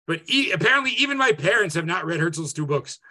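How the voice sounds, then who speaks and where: A man teaching an interactive online class as a rabbi, conversational and lively, often checking in with "right?". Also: high voice, fast talker. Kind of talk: interactive Zoom lecture. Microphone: video call.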